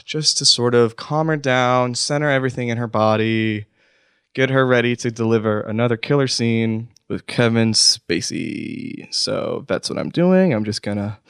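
Guy rambling solo on his podcast, dry close sound, goes from murmuring to yelling. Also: medium pitch, a little slow, vocal fry, long pauses, clear, resonant tone, dry recording. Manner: rambling, swings from hushed self-soothing to outbursts. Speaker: podcast host. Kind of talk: comic solo rant. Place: studio.

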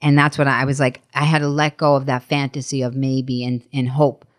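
A woman guest on a chat show, talking in a rapid, animated way, acting out quotes in her stories. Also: rumbling low. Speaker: comedian guest. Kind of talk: casual chat.

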